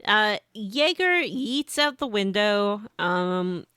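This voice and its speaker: A woman co-hosting a casual gaming podcast, recapping the story with many halting fillers. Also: medium pitch, animated, sharp tone, clear, resonant tone, dry recording, clean studio sound. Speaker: podcast co-host. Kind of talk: casual chat recapping a video game.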